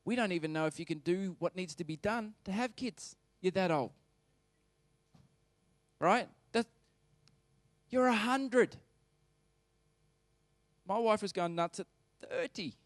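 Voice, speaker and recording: A man's voice: high-pitched, slow, long pauses, no room sound. A man preaching a sermon as pastor, talking conversationally and emphatically and putting questions to the congregation.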